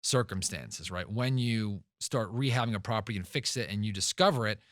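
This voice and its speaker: A man's voice: on the low side, brisk, a bit bright, no room sound, clean studio sound. A man hosting a podcast who talks emphatically, tells stories and repeats words for stress. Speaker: podcast host and real estate investor. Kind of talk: podcast monologue.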